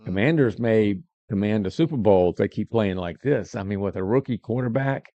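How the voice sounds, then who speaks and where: A man's voice: lowish voice, expressive, fairly quick, warm tone, dry recording, muffled recording. A man hosting a live local talk show, easygoing and rambling. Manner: easygoing, rambling, restarts often. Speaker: host.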